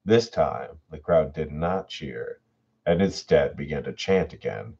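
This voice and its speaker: A man's voice: a bass voice, measured pace, creaky, breathy edge. A man hosting a livestream who reads horror stories aloud and chats casually with his viewers, answering their messages. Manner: relaxed and chatty, reads chat messages aloud. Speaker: horror story narrator and livestream host. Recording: dull lo-fi home audio.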